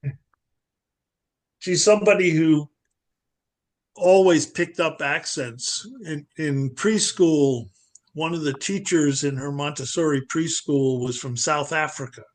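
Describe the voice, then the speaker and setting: A man tells a relaxed personal story over a video call. He speaks slowly, stumbling and restarting here and there. His voice sits slightly high for a man. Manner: unhurried, with small stumbles and restarts. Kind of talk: casual storytelling.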